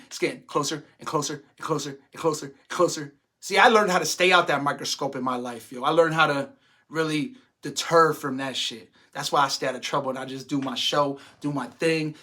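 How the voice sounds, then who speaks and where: A brash man rants in casual, profane commentary, loud and full of swagger. His voice is bright and forceful and sits fairly high for a man. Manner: loud, brash, swearing, laughing often. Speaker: podcast host.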